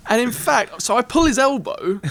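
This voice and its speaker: Lively storytelling man. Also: extremely high pitch, dry recording. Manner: animated, laughing retelling with acted-out quotes. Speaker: podcast guest. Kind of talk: casual storytelling.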